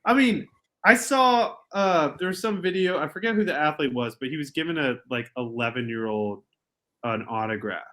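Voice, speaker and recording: A young adult man co-hosting a podcast, ranting in casual sports banter and swinging from quiet asides to loud outbursts. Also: on the high side, expressive, normal speed. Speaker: podcast co-host.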